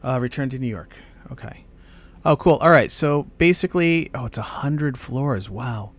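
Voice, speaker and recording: A man with a mid-range voice, talking at normal speed, gives casual commentary while streaming a video game from a home gaming setup on camera. He rambles to himself, using lots of fillers and trailing off mid-thought.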